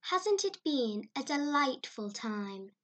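Woman narrator doing a dramatic young storybook girl; high, breathless, rapturous delivery. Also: animated, a little slow, slightly rough, heavily acted.

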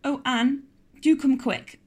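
A woman's voice: high-pitched, slow, a little mellow, husky, pitched above the performer's own voice, heavily acted. A woman voicing a scared young girl who pleads for help through tears, in an audiobook reading. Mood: frightened. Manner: pleading, tearful.

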